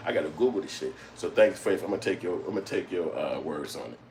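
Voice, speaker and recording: A man's voice: low voice, expressive, quick pace, darkish tone, slight background noise. A middle-aged man hosting a casual live stream, talking loosely and profanely, laughing often as he reads chat. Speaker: channel host reading live chat.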